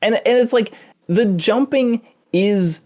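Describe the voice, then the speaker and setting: A man on a podcast panel chatting casually about a game, in a relaxed, amused way with trailing asides. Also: high-pitched, slow pace. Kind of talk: casual chat.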